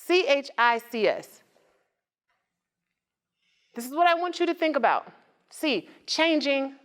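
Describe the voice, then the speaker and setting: A woman giving a motivational talk to a live audience as a nonprofit founder, conversational and joking, often asking the crowd questions. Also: high-pitched. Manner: lively, conversational, asks the audience questions and jokes.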